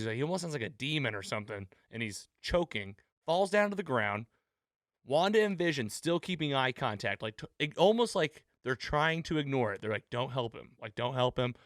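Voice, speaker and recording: A man hosting a casual recap chat, retelling scenes with animated quotes. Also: mid-range voice, no echo, clean studio sound. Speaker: podcast host.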